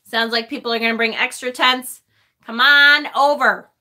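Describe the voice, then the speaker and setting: A woman hosting a casual tarot live stream, gushing and excitable as she reads viewer chat aloud. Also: on the high side, normal speed.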